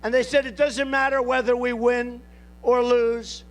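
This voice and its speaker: This presidential candidate's voice is very high, with little pitch movement, and he keeps a measured pace. He gives a boastful, repetitive rally speech at an outdoor airport, improvising as he speaks to the crowd.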